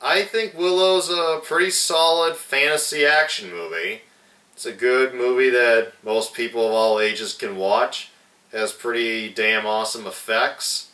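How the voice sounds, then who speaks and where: A young man talks through a movie review at a slow, unhurried pace. His profane, rambling delivery is full of restarts, and his voice is bright and forceful. The room's echo makes him sound set back from the mic. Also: on the low side. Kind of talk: casual movie review vlog. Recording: echoey room, mic at a distance.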